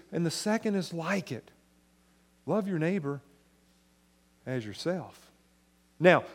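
A male pastor preaching a sermon in a conversational way, rising to emphatic points and dropping soft and low.

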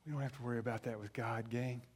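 A man in his thirties preaching a sermon, moving from quiet, low passages to loud, emphatic ones and acting out family dialogue. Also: fairly even intonation, fast, a little hiss or hum. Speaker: pastor.

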